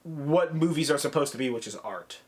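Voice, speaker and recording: A man co-hosting a casual film review chat who talks excitedly, swears a lot and acts out scenes in quoted voices. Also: fairly high pitch, fairly quick. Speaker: podcast co-host reviewing films.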